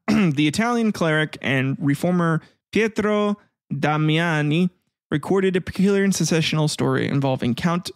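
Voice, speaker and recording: A man's voice: fairly high pitch, gravelly, no echo, studio quality. A man hosting a history podcast in casual chat, rambling between reading notes and crude joking asides. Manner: rambling, jokey, crude asides, frequent laughs. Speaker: podcast host.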